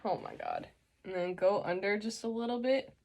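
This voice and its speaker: A woman's voice: medium pitch, huge pitch swings, moderate pace, creaky, a little mellow. Young woman, casual makeup tutorial host, chatty, joking, instructive.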